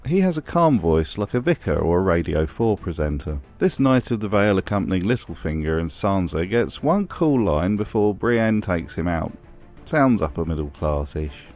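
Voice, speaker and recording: A man's voice: sits low, big pitch swings, moderate pace, a little mellow, soft background music. A man giving a scripted narration with dry, wry humour. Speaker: video narrator.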